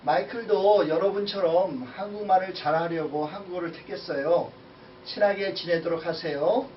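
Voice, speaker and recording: A man voicing a friendly classroom teacher in a recorded textbook dialogue, addressing the class briskly and upbeat. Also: high-pitched, slight background noise, close to an everyday voice. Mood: instructing. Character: friendly male classroom teacher introducing a new student. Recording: distant, echoey, muffled lo-fi audio.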